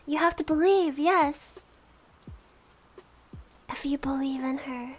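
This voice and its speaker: High-voiced giggly woman streamer. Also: slow, pauses often. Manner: giggly, thanks subscribers one by one. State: has the hiccups. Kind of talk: casual livestream chat.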